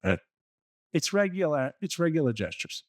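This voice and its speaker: A man's voice: fairly high pitch, big pitch swings, moderate pace, no echo, clean studio sound. A man co-hosting a relationship coaching podcast, giving blunt, profane advice in a casual way and acting out little scenes. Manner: blunt and profane, acts out quoted dialogue.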